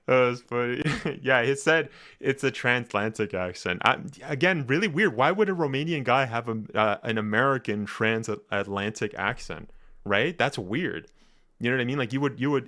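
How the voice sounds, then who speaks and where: A man hosting a casual livestream, rambling and chatty, laughing often and jumping up in pitch when excited. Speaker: livestream host reacting to game footage.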